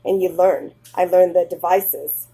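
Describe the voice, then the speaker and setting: Mellow-voiced woman reading scripture. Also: lowish voice, steady tone, unhurried, slightly rough, soft background music, low-quality recording. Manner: reads archaic verses then breaks into plain personal asides. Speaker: Bible teacher.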